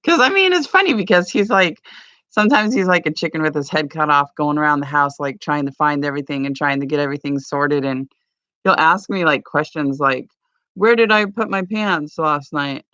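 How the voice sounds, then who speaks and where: A woman's voice: low-pitched, a little fast, pushed and bright, no echo. A woman rambling casually at home for her morning vlog, with lots of "like" and "you know.". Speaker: vlogger. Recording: dull lo-fi sound.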